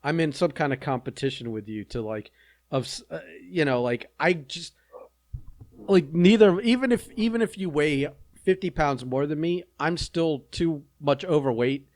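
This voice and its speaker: Teasing podcast guy, halting speech. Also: a little high, a little mellow, no room sound. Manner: teasing, halting with many fillers. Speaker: podcast co-host. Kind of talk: casual chat. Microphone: podcast mic.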